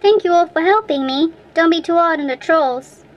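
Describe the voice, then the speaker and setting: A woman's voice: very high voice, normal speed, lo-fi sound. A woman voicing a brave, polite little boy in a storybook reading. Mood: eager. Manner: polite and bold.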